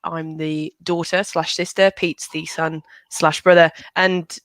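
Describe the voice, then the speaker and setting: A woman's voice: low-pitched, little pitch movement, a little slow, no echo. A young woman hosting a casual chat, teasing and upbeat. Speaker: host. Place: indoor, video call.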